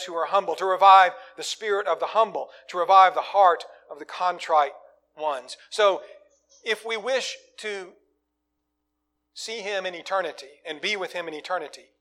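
A man preaching a sermon, swinging from loud, emphatic lines to quiet, low asides. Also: moderate pace.

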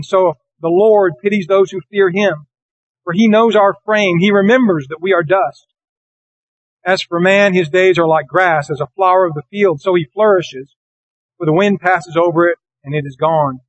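A man delivers a sermon in a fairly high voice, reading scripture slowly and earnestly. The sound is dry and close, with little room around it. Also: no echo, poor audio. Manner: earnest, deliberate, slows for scripture. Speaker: preacher.

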